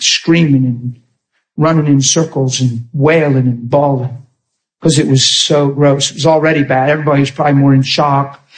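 Impassioned high-voiced male preacher. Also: low-quality recording. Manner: impassioned, often shouting; calls out to the congregation. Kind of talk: sermon.

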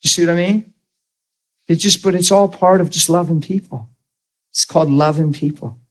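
Animated, higher-voiced man teaching ministry. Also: moderate pace, poor audio. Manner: animated, blunt, acts out quoted voices.

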